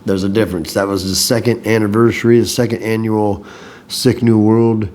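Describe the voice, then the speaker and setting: A man's voice: fairly low pitch, level tone, moderate pace, darkish tone. A man from Illinois giving a rambling, profane, casual recap of a rock festival as a podcast host. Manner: rambling, profane, self-deprecating.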